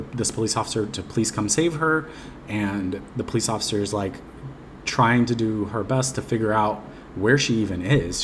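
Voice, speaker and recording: A man's voice: on the low side, a little hiss or hum. A man casually retelling a dream in a rambling, hesitant way, full of ums and restarts. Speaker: vlogger recounting a dream. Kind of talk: casual personal storytelling.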